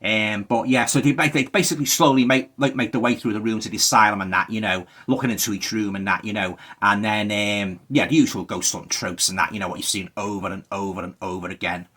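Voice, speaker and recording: A man's voice: on the low side, steady tone, fairly quick, hardly any pauses, pushed and bright. A man with a Liverpool accent giving a rambling, exasperated spoken movie review, full of fillers.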